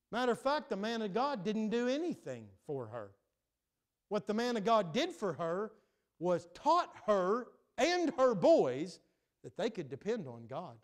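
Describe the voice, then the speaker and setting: A high-voiced male pastor preaches from the pulpit of a church. He swings from loud, stressed lines to quiet, confiding asides. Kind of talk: preaching a sermon. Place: church sanctuary.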